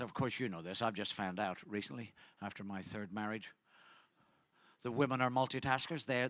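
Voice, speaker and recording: A man's voice: mid-range voice, a bit bright, no room sound. A middle-aged man doing a stand-up comedy set, rambling and chatty as he teases the audience. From Ireland.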